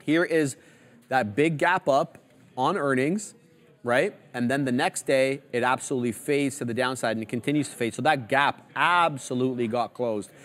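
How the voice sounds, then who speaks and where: A man's voice: medium pitch, moderate pace, a bit bright. Casual male trading-show host. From Canada. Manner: casual, chatty, walks through charts aloud. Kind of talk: live market commentary.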